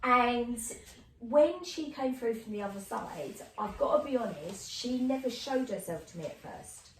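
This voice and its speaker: A woman clairvoyant medium chatting as a guest, telling stories in an animated, earthy way. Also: a little high, measured pace. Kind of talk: casual chat. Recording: roomy, distant mic with faint noise.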